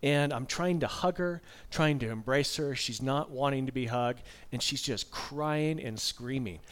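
A man's voice: medium pitch, a little slow. A man in his fifties preaching a sermon, telling a personal story in a candid, conversational way with frequent asides.

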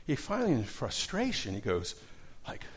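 Middle-aged male Bible study teacher, gravelly, mid-pitched, casual with lots of restarts. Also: moderate pace. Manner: conversational, many fillers and restarts.

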